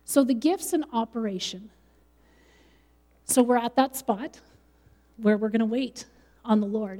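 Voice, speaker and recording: A woman's voice: on the high side, mellow, in a large hall. A middle-aged woman pastor preaching a sermon in a conversational way, with light laughs.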